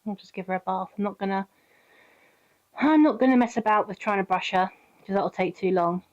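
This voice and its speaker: A woman's voice: mid-range voice, brisk, darkish tone, dull audio. A British woman streaming a game, chatting casually with her viewers and greeting them by name. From Britain. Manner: chatty, giggly, talks to chat by name.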